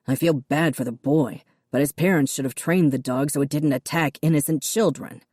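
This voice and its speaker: A woman's voice: low voice, moderate pace, a little mellow, breathy edge, no room sound, studio quality. A woman voicing a stern, harsh middle-aged father who snaps curtly at his son. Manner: snapping, curt.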